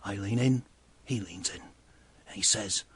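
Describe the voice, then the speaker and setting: A man voicing a chatty male bartender, telling a bar story in a breathy voice. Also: lowish voice, unhurried, heavily acted. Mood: gossipy storytelling. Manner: exclaims loudly, then drops to hushed asides. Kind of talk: comedic character monologue.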